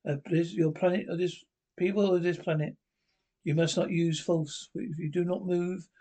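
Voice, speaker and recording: A man voicing a calm, solemn alien being made of light, speaking in clipped, broken phrases. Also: high-pitched, normal speed. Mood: grave.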